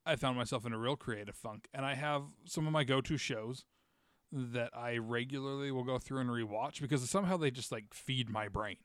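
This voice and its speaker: A man hosting a podcast in casual chat, talking fast with frequent stammers and restarts. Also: mid-range voice, fairly bright tone, smooth, no room sound, studio quality. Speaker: podcast host.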